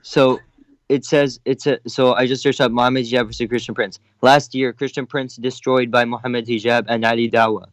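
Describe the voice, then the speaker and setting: A man's voice: mid-range voice, little pitch movement, normal speed, no echo. Questioning man caller, dry sound. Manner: challenging, questioning. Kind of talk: live debate call. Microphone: video call.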